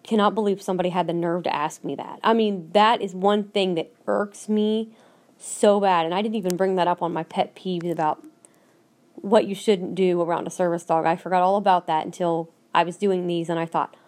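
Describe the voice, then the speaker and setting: Her voice is lowish and a little mellow, with fairly even intonation and a normal speed. The Minnesota podcast host rants solo, blunt and emphatic, going back over the same points repeatedly.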